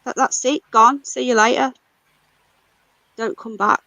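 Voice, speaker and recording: A British woman hosts a livestream, fuming and swearing as she rants. Her voice sits fairly high and the sound is very dry and close. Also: steady tone, a little slow, sharp tone, no echo, rough recording. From United Kingdom. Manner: angry, ranting, swears a lot. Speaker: livestream host. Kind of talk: casual livestream chat.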